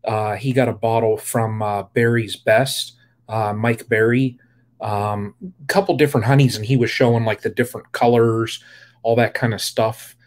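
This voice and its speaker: A man's voice: medium pitch, steady tone, normal speed. A man hosting a casual beekeeping livestream, rambling with lots of fillers and greeting viewers by name. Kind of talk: casual live-stream chat.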